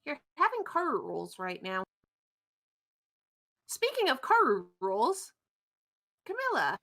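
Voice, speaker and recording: A woman running a tabletop game as game master, narrating in a relaxed, descriptive way. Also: high voice, slow.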